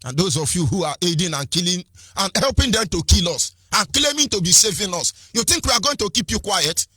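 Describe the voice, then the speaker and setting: A man's voice: high-pitched, animated, fairly quick, sharp tone, husky, no echo, clean studio sound, soft background music. A Nigerian man with a Nigerian accent giving an impassioned political address, firing rhetorical questions, repeating phrases and switching between languages. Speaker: activist speaker.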